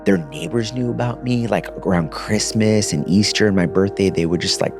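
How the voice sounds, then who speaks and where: Deep-voiced man telling his story. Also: moderate pace, vocal fry, over music. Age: 30s. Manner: casual, animated retelling with slang like dude. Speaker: podcast guest. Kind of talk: personal testimony storytelling.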